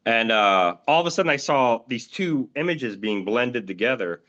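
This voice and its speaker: A man as an interview guest, recounting his own experiences in a rambling, halting way, full of fillers and restarts. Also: medium pitch, lively intonation, a bit bright. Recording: dull lo-fi audio.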